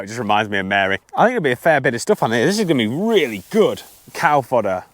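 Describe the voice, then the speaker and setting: A man, chatting casually as he films his farm work, rambling and poking fun at himself. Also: mid-range voice. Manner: chatty, rambling, self-deprecating. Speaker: farmer vlogger. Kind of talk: casual vlog commentary. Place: outdoors on a farm and in a tractor.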